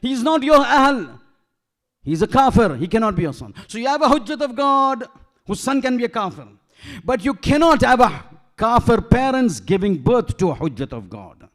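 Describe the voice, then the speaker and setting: A man's voice: very high voice, big pitch swings, normal speed. A man giving an emphatic sermon as a shaykh in a mosque, asking rhetorical questions and weaving in Arabic terms and verses. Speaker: shaykh giving a majlis lecture.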